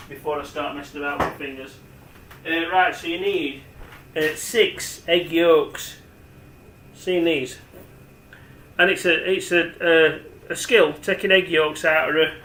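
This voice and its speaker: A man's voice: a little high, sharp tone, reverberant, slight background noise, rough recording. A man, rambling chattily as he demonstrates cooking at home and talks to the camera. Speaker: home cook. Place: home kitchen.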